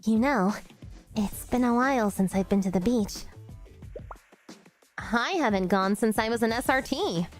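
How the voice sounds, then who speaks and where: A woman streamer reading a game story aloud, voicing every character herself and breaking off to laugh at her own attempts. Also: fairly high pitch.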